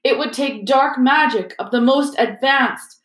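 Woman reader doing a wise old headmaster, soft and firm, roomy sound. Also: high voice, unhurried, voice pushed up. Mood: calm firm. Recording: roomy echo.

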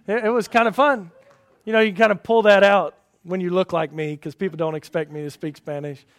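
A middle-aged man delivers a sermon from the pulpit in a fairly high voice. He preaches in a folksy, storytelling way, rising to loud emphatic lists and then dropping to quiet, personal asides. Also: fairly even intonation, a little fast. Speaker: pastor.

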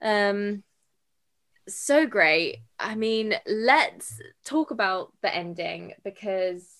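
A woman's voice: mid-range voice, very slow, fairly bright tone. A woman chatting about a film, emotional and tearful, laughing through her words. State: crying. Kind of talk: casual film discussion.

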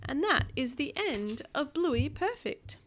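A woman's voice: high-pitched, big pitch swings, slow, fairly bright tone. A woman reading a picture book aloud to her child, adding chatty asides.

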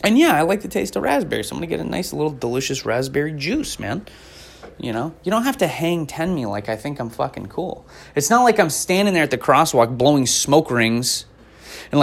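Man in his twenties, stand-up comedy rant, profane, rambling, exasperated, medium pitch. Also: a bit bright. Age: 20s.

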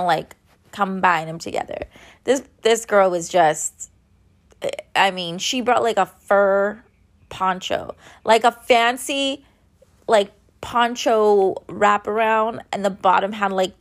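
A woman in her thirties telling a story in a casual, rambling way, with lots of filler words and blunt swearing, sounding tired. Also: mid-range voice. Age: 30s. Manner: chatty, rambling, many "like" fillers.

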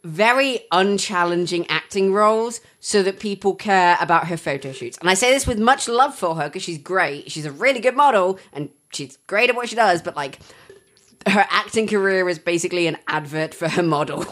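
A woman's voice: lowish voice, lively intonation, normal speed, fairly bright tone. A woman co-hosting a podcast, making emphatic, wry points in casual chat and laughing often. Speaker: podcast co-host.

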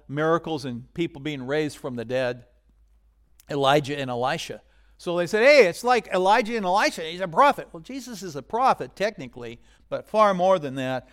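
Male pastor, sermon, conversational, swinging from forceful emphasis to hushed asides, slightly high voice. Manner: conversational, swings from loud emphasis to near-whisper.

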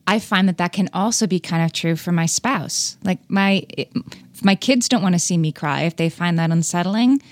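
A woman's voice: fairly low pitch, moderate pace, no room sound. A woman hosting a podcast, talking casually, correcting herself often and laughing easily. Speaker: podcast host. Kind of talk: casual conversation.

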